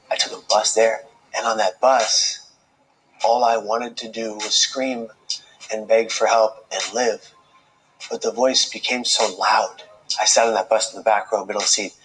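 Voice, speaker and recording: A man telling his own life story as a speaker, earnest and slow, with dramatic pauses. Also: lowish voice, a bit bright, a little hiss or hum, rough recording. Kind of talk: emotional personal storytelling speech.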